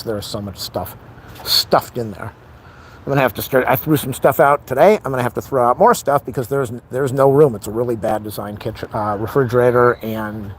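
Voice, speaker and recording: A man's voice: medium pitch, a little hiss or hum. A middle-aged man venting in a rambling, frustrated casual monologue on a live stream.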